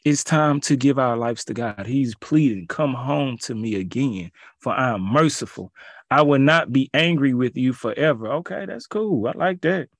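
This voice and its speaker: A man reads scripture and preaches with a pleading, urgent delivery. He slips into casual, colloquial asides between the verses. The sound is dry and close, with mid-range pitch. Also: expressive, moderate pace, no room sound. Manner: pleading, rising to emphatic peaks. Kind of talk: bible reading and preaching.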